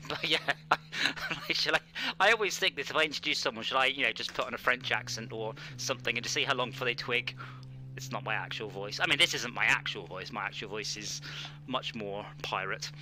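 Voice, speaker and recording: A man's voice: medium pitch, fairly quick, sharp tone, slight background noise. A man chatting casually and joking while streaming a racing game. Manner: joking, rambling with fillers. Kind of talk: casual chat while gaming.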